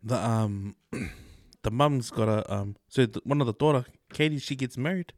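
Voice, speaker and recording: A man co-hosting a podcast, telling stories in a relaxed casual chat and acting out other people's lines. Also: medium pitch, moderate pace, dry recording, clean studio sound. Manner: laid-back storytelling, mimics others in quotes. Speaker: podcast co-host.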